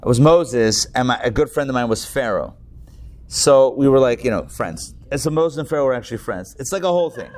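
A man's voice: medium pitch, expressive, brisk, a little mellow. A man teaching a Torah class to a live audience, chatty and joking, with a lot of digressions.

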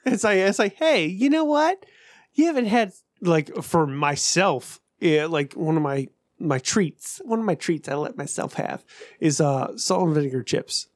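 A man's voice: a little high, a little slow, dry recording, clean studio sound. A man in his thirties talking casually on a podcast, rambling and swearing freely, mocking himself. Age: 30s. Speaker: podcast co-host. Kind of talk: casual profane chat.

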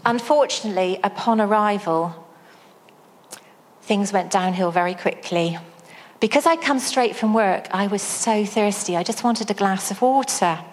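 A woman giving a sermon, telling a personal story with a slow, storytelling delivery. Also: mid-range voice, big-room sound. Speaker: speaker at a church service.

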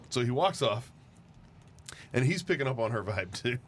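A man co-hosting a talk show, telling an anecdote with lively, laughing energy. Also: mid-range voice, a little fast, pauses often, a little hiss or hum. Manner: animated, laughing storyteller. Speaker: co-host. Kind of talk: casual storytelling.

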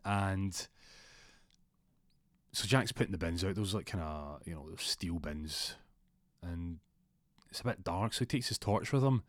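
A young man with a lowish voice tells a spooky story in a loose, rambling way, often restarting his sentences. He speaks unhurriedly with long pauses in this casual storytelling. The recording is dry and close.

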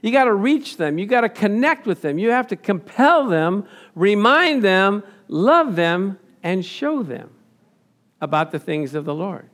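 A man with a high voice preaches a sermon from slides, animated and quick to laugh. He keeps asking his congregation questions and answering them himself. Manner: laughs often. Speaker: pastor.

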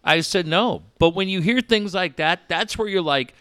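A man's voice: high voice, normal speed, clear, resonant tone, no room sound, studio quality. A man telling stories in a casual chat, swearing often and acting out the people he quotes. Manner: profane, animated, acts out quoted people.

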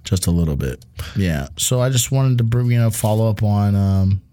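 A man's voice: on the low side, moderate pace, mellow. A man co-hosting a casual chat show, telling rambling, profane stories and acting out what people said. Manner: rambling, profane, laughs through stories, acts out quotes. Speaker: podcast co-host.

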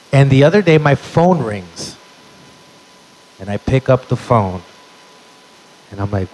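A man's voice: medium pitch, sing-song, a little slow, pauses often, darkish tone, rough recording. A man doing a stand-up comedy set on stage, telling stories in a brash, punchy way and calling out to the crowd. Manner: brash, punchy storytelling with crowd call-outs. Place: on stage at a live venue.

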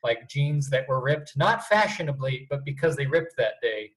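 A man's voice: medium pitch, lively intonation, moderate pace, a bit bright. A young man co-hosting a podcast, telling rambling, self-deprecating stories in casual chat. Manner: rambling, self-deprecating storyteller with frequent restarts. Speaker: podcast co-host.

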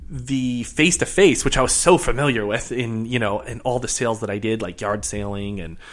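A man guest on a podcast, telling a story in a casual, animated way with many restarts. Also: medium pitch, fairly quick. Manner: animated, lots of fillers and restarts. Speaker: podcast guest, real estate investor.

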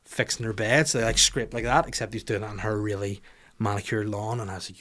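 He's a fast talker with a lowish voice and a Northern Irish accent, hosting a podcast. The casual chat features his lively, sweary story in which he makes fun of himself.

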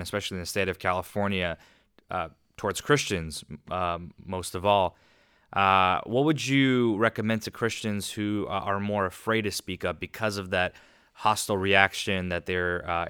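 Deep smooth-voiced podcast host. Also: male voice, bright, forceful tone, no echo, studio quality. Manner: hesitant, many filler sounds. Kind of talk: casual podcast interview.

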